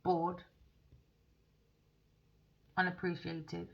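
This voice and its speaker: A woman giving a spoken tarot reading, blunt and excitable, swearing freely. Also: on the low side, extremely slow, creaky, dull audio. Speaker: tarot reader.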